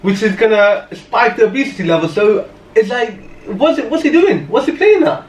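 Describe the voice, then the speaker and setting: A man co-hosting a podcast in casual chat, agreeable and quick to laugh along. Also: sits high, lively intonation, far from the mic. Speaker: podcast co-host. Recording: roomy echo, off-mic, faint noise.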